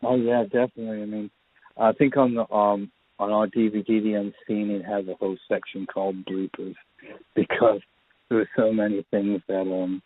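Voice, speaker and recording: A man's voice: on the low side, little pitch movement, moderate pace, dry recording. A man, a filmmaker guest, telling rambling anecdotes in a casual interview. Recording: tinny phone line.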